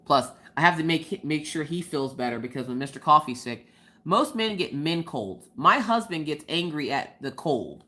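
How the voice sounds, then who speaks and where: A chatty young woman hosting a casual craft live stream, her voice sitting low for a woman. She giggles a lot and bounces into quoted voices while she tells her stories. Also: animated, normal speed, bright, forceful tone. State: recovering from a cold. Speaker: livestream host.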